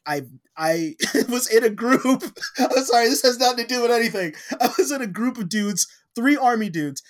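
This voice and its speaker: A man co-hosting a podcast, telling a long rambling story in casual chat, swearing freely. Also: on the high side. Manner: rambling storyteller, swears a lot, acts out quotes loudly. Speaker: podcast co-host.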